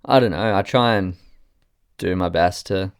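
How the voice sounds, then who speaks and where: Aussie guy with a low gravelly voice, rambly stories, swears heaps, dry close sound. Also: measured pace, no echo. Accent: Australian. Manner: rambling storytelling, heavy swearing. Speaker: guest photographer. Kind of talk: casual chat.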